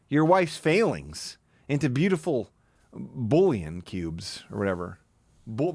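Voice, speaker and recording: A man's voice: lowish voice, lively intonation, moderate pace, a little mellow, no echo, studio quality. A young adult man streaming live, casually commenting on a clip he's watching and mocking it with plenty of swearing. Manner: mocking, profane, mimics the clip.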